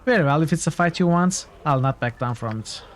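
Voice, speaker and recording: A man's voice: a little high, fairly quick, natural voice. A man voicing a proud male adventurer who speaks in a formal, haughty way. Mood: stern. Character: stiff, proud male adventurer, easily provoked.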